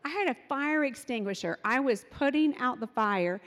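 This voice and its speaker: A middle-aged woman telling parenting stories in an animated way, acting out what her children said. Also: high voice, normal speed, in a large hall. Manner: animated, acts out quotes of her kids. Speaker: speaker sharing parenting stories. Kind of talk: storytelling talk.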